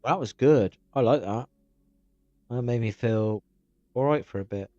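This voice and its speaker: A man's voice: mid-range voice, measured pace, a little mellow, no room sound, lo-fi sound. A man chatting loosely on a live stream while watching videos, swearing freely as he rambles.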